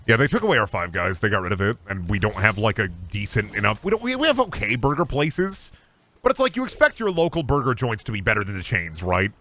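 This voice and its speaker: A man's voice: on the low side, very animated, fast talker, a bit bright. A man streaming a game in casual, crude, goofy commentary, rambling between jokes and trash-talk at opponents.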